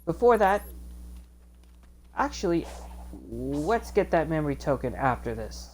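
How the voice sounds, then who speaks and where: A woman giving casual game commentary as a video host, chatty and excitable, with rambling asides. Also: low voice, measured pace, slight background noise.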